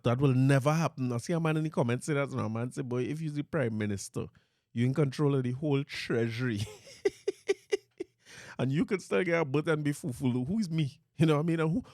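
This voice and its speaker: In this casual comedic monologue, a middle-aged Trinidadian-accented podcast host spins rambling stories in a studio, laughing frequently. His voice is mid-range and a little mellow, with no echo.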